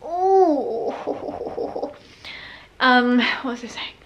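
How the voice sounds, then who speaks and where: A woman's voice: on the high side, moderate pace, background noise. A woman chatting in a casual, bubbly home vlog, with playful asides. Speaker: lifestyle vlogger. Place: home indoors.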